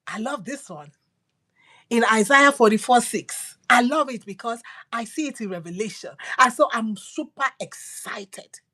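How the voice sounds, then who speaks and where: A woman preaching a devotional sermon, repeating phrases emphatically and swinging from loud declarations to hushed whispers. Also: fairly high pitch, lively intonation, a little slow.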